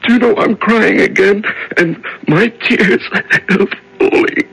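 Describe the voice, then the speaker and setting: An actor playing a haggard prisoner just out of solitary confinement, stammering and pleading, in a 1970s radio drama. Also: male voice, sits low, wildly swooping pitch, a little slow, vocal fry, sharp tone, slightly rough, heavily acted, rough recording. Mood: tearful.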